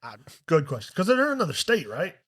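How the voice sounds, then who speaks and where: High, lively-voiced man chatting and laughing. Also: quick pace, breathy edge. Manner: laughs often, quotes characters. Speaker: podcast co-host. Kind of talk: casual film review chat.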